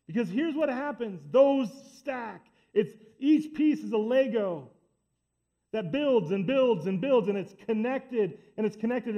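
A man's voice: extremely high pitch, mellow, lo-fi sound. A man preaching a sermon as pastor, talking emphatically and building up his points by repeating himself. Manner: emphatic, repetitive build-ups.

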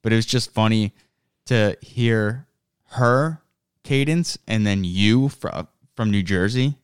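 Low, smooth-voiced man chatting casually. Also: slow, dry recording, studio quality. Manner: rambling, self-interrupting. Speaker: podcast co-host. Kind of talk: casual chat.

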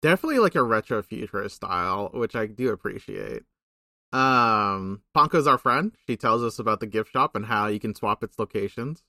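A young man co-hosting a podcast, recapping a video game in casual, rambling chat with swearing and quick asides. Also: lowish voice, lively intonation, sharp tone, no room sound, clean studio sound. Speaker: podcast co-host.

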